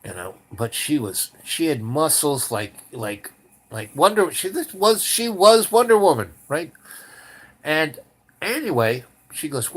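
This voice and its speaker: A man's voice: a little high, sing-song, measured pace, slightly rough. A man in his seventies telling a long personal story in a meandering way, with many fillers and restarts. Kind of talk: rambling spoken anecdote.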